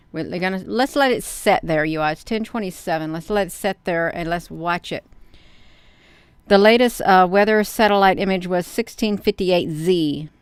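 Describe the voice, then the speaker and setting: A woman hosts a casual live stream, talking straight to her viewers in an expressive, excitable way. Her voice sits a little low and sounds smooth and clear. The recording is close and dry. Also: no echo. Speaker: channel host reading live chat.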